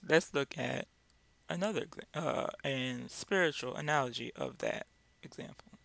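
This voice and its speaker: In a casual Bible lesson, a man drives each point home through one rhetorical question after another, speaking plainly and directly. His mid-range voice is gravelly and a bit bright, and he keeps a moderate pace.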